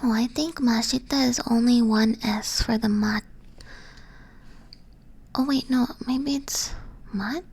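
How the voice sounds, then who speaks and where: A woman whispering softly in an ASMR stream, patiently teaching and correcting herself as she goes. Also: a little high, fairly even intonation, takes it slowly, long pauses, husky, low-quality recording. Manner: soft unvoiced whisper, patient, self-correcting. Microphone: close ASMR microphone.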